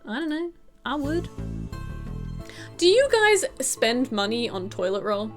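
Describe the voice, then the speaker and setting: A woman's voice: on the high side, big pitch swings, measured pace, soft background music. Chatty young woman streaming a game. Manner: chatty, giggly, talks to chat. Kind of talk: casual gaming stream chat.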